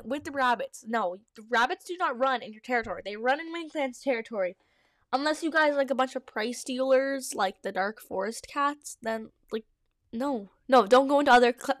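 A high-voiced woman reads her old fanfiction aloud, then breaks off to laugh and comment, with plenty of likes and ums. The recording is dry and close, with no room sound. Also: a bit bright, no echo. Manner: giggly, many likes and ums. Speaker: fanfiction reader and podcaster.

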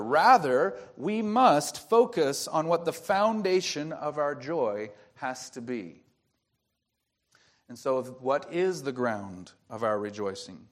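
A man preaching a sermon as pastor, explaining the grammar of a Bible verse and asking rhetorical questions. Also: a little high.

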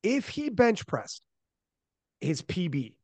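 A man with a high, bright speaking pitch hosts a podcast in loose, animated casual chat, spinning stories with plenty of swearing. The sound is dry and close, with no room around it. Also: slow, no room sound. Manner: animated storyteller, loose and profane. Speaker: podcast host.

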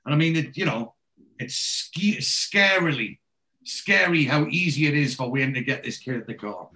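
A man's voice: fairly high pitch, lively intonation, normal speed, sharp tone. A man casually recapping a TV episode, rambling and swearing freely as he acts out the characters' lines. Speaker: podcast host recapping a TV show. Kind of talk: casual chat.

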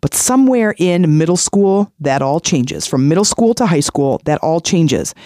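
A man's voice: on the high side, sing-song, moderate pace, warm tone, no echo, studio quality. A man in his forties hosting a podcast, giving earnest motivational self-help advice in a conversational way and repeating phrases for emphasis. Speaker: podcast host.

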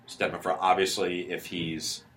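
A man's voice: low voice, flat delivery, measured pace, fairly bright tone, far from the mic. A young man talking casually as a guest in an interview, rambling with fillers and restarts. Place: recording studio.

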